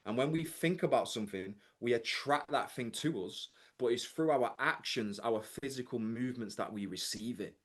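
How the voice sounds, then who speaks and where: Man, mindset coach, motivational live talk, emphatic, keeps checking in with listeners, mid-pitched voice. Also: normal speed, hardly any pauses. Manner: emphatic, keeps asking "right?" to the audience.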